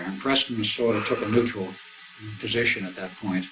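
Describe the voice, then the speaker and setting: A man's voice: on the low side, moderate pace, noisy background. An older man telling a long story to an audience, acting out remembered dialogue as he goes. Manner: anecdotal, acts out remembered dialogue. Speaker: speaker recounting his experiences.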